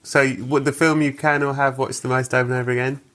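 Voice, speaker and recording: Give me a man hosting a podcast who throws in fast, jokey remarks, at a medium pitch. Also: little pitch movement, a bit bright. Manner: quick, jokey interjections. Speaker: podcast host. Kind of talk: casual interview.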